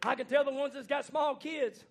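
A man preaching a fiery sermon in a church, folksy and plainspoken, swinging from hushed lines to shouting. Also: very high-pitched, steady tone, normal speed, noisy background. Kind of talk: fiery Pentecostal-style sermon.

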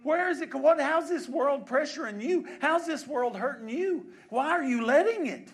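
A preacher voicing God, pleading loudly. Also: male voice, very high voice, lively intonation, normal speed, voice pushed up. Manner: shouted, pleading, repeated questions. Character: God pleading lovingly with his people.

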